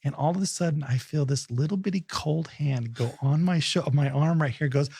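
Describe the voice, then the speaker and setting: A man's voice: fairly high pitch, normal speed, creaky, breathy edge, dry recording, clean studio sound. A man in his forties co-hosting a podcast, telling a story in casual chat and acting out the voices. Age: 40s. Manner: animated storyteller, acts out voices and laughs. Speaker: podcast co-host.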